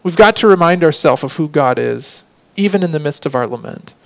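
A man preaching a sermon, earnest, slowing down to read scripture lines with emphasis. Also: on the high side, lively intonation, vocal fry, low-quality recording. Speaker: pastor.

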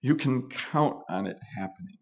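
A man's voice: medium pitch, animated, moderate pace. A male preacher delivers a sermon in a mid-range voice. He teaches earnestly and leans hard on key words, pressing each point home. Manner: earnest, emphatic teaching with rising stresses.

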